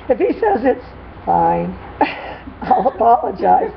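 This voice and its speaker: Gravelly-voiced woman, rambling vlog chat. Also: medium pitch, takes it slowly, pauses often. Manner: animated storytelling, laughs often. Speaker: dog trainer. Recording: dull lo-fi with faint noise.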